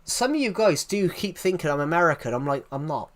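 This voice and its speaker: Very animated and brisk, this Englishman with a Southwest accent speaks at a fairly high pitch. He rambles through a casual live stream, answering chat messages and frequently restarting his sentences.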